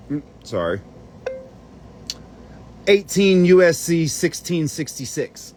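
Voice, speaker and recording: A man's voice: a little high, big pitch swings, slow, long pauses, a little mellow. Guy rambling and muttering while digging thru docs, swoopy up and down voice, bit of hiss behind. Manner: distracted, muttering and cursing while searching documents. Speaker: channel host. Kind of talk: rambling screen-share monologue.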